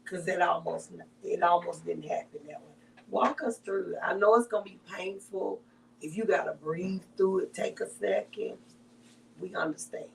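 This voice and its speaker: An interview host gently encouraging a guest to tell a painful story. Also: mid-range voice, normal speed, vocal fry. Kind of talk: interview questions. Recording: distant mic with faint hum.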